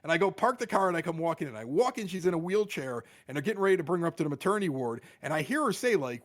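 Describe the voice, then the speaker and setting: A middle-aged man telling a story as a podcast guest, animated and quick to act out what others said. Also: fairly high pitch. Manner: animated, exaggerated quoting of others. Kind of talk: casual storytelling.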